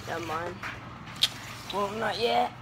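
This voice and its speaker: A woman's voice: medium pitch, slow. A woman vlogging on a walk outdoors. She rambles playfully and breaks into silly sound effects and singsong noises. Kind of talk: casual walking vlog. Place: outdoors on a walk through town. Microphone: handheld phone camera. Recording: phone video with clear outdoor background noise.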